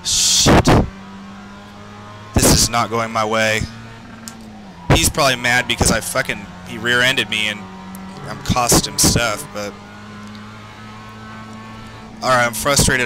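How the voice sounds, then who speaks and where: A man commentating his own sim race, swearing and yelling at other drivers, his heart racing. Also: mid-range voice, fairly even intonation, a little slow. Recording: game music underneath. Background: game music and engine noise.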